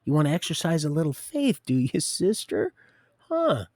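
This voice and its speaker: A man's voice: a little high, sing-song, a little fast, darkish tone, no room sound, studio quality. A man hosting a livestream, rambling and preachy, talking straight to his viewers. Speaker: livestream host.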